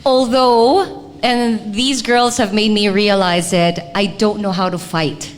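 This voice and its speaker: A woman's voice: medium pitch, fairly even intonation, takes it slowly, big-room sound. A Filipino woman co-hosting a live podcast, speaking reflectively and dropping Tagalog words into her English. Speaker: podcast co-host.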